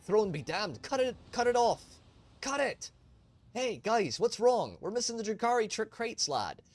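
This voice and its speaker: Guy reading as scruffy smuggler crew, pitched up way high, yelling, rough slang. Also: very animated, moderate pace, natural voice. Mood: panicked. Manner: shouty, rough slang, frantic.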